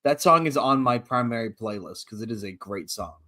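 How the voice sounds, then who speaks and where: A man talking in casual podcast banter, animated and quick to react. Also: mid-range voice. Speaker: podcast co-host.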